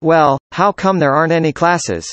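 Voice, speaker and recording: Scripted practice dialogue, speaker, mid pitch, even question-and-answer reading, dry recording. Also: moderate pace, no room sound. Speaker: dialogue reader.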